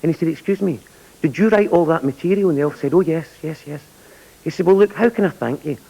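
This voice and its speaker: A man's voice: fairly high pitch, fast talker, creaky, mellow, muffled recording. A man presenting an award, telling a joke in a dry storytelling way. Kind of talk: comic anecdote at an awards ceremony.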